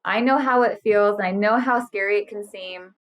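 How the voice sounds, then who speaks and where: The audio is muffled as a burnout specialist in her thirties guests on a podcast, talking in a mid-range voice at a moderate pace. It's a casual interview chat, and she's earnest and animated, acting out quotes.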